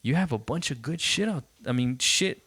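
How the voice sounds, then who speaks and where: In a dry recording, a male podcast host speaks at a moderate pace in a mid-range voice with a breathy edge. He keeps things conversational, animatedly telling stories, acting out what people said, and swearing often.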